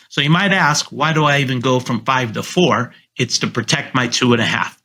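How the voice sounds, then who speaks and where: A middle-aged man with a gravelly, husky voice and a bright, forward tone. He talks casually but confidently, coaching listeners and acting out the lines he uses on clients. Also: moderate pace, hardly any pauses. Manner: confident, coaching tone, acts out his sales pitch. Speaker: guest real estate agent. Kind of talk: casual podcast interview over a call.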